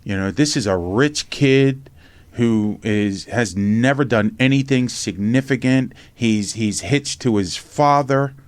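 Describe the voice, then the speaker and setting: A middle-aged man from Pennsylvania telling his life story in a casual interview, animated and blunt, swearing freely and acting out the voices in his tales. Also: medium pitch, slow pace, no room sound. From Norristown, Pennsylvania, USA. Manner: animated storyteller, acts out quotes, swears freely, says "right?" often. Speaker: podcast host and memoir author.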